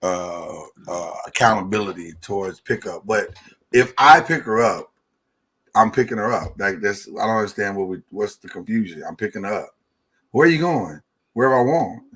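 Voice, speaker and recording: A man's voice: lowish voice, normal speed, slightly rough. A man co-hosting a podcast, telling a story in casual chat and acting out the people in it. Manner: animated storytelling, acts out quotes. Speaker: podcast co-host.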